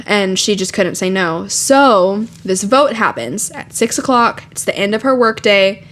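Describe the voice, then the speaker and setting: Young female podcast co-host, mid-pitch, filler-heavy, profane casual recap. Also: a little slow, hardly any pauses. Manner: animated retelling with profanity and "like" fillers. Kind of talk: casual book chat.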